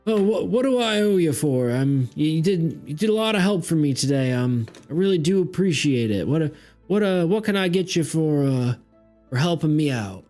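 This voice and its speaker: A kindly old farmer , put on by a man, stammers through his folksy thanks in a voice pitched well above the man's own. His speech is full of halting ums and uhs. Faint music plays behind him. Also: lively intonation, darkish tone, natural voice. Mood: warm, grateful. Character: kindly, grateful older male farmer.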